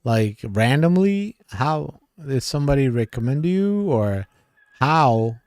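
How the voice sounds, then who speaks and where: A man's voice: mid-range voice, big pitch swings, slow pace, darkish tone, no room sound, clean studio sound. A man hosting a livestream, reading viewers' comments aloud in casual chat and laughing often.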